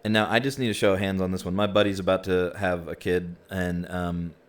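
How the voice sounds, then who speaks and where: A man with a low, deep voice welcomes people into a virtual room, talking in a relaxed, chatty way full of little fillers. The sound is close, as through a headset microphone. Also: fairly quick. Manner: easygoing, chatty, frequent "you know" and "um". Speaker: host of a virtual reality group session. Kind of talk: casual group hosting.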